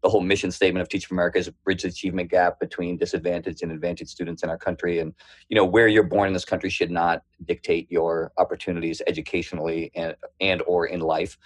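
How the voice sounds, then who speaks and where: A man with a thick Boston accent speaks in a low, husky voice as a guest on an interview show. He tells his stories in a lively way and slips into other people's voices along the way. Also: fast talker. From Boston area. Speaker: podcast guest. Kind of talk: storytelling interview.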